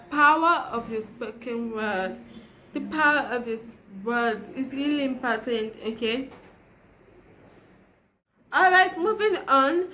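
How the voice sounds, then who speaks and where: Young woman, childlike high voice, slow earnest motivational talk. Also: a bit bright, a little hiss or hum. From Nigeria. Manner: earnest, repeats herself, fillers. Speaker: motivational speaker.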